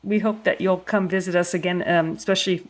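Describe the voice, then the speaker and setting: A woman co-hosting a book podcast, chatty and quick to laugh as she wraps up an interview. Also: fairly low pitch, steady tone. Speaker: podcast co-host. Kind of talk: casual interview chat.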